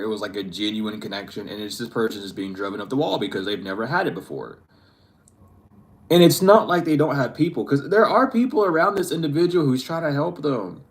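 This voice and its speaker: A man reads tarot cards in a loose, conversational way. His voice sits in an ordinary middle pitch. He talks in slangy asides and laughs often as he goes. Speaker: tarot reader. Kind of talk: casual spiritual reading to camera.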